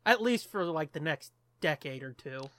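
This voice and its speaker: A man co-hosting a casual movie commentary, playful and jokey, quick to tease his co-host. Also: a little high, lively intonation, fairly bright tone, no room sound. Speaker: podcast co-host.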